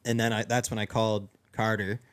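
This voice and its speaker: A man's voice: fairly low pitch, level tone, a little fast, clear, resonant tone. A young man casually telling a long story among friends, rambling with lots of restarts and fillers. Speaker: podcast co-host.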